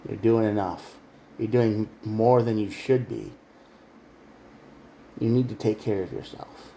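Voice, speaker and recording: A man's voice: on the low side, a little slow, creaky, mellow, slight background noise. A man giving a tarot reading straight to the viewer, earnest and emphatic. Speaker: tarot reader. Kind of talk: direct-to-camera tarot reading.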